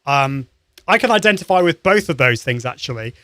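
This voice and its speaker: A man hosting a live-streamed lesson, coaching voice warm-ups in an upbeat, encouraging way with many restarts. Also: medium pitch, lively intonation, fairly quick, no room sound, studio quality. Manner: upbeat and encouraging, demonstrates sounds; conversational with frequent restarts.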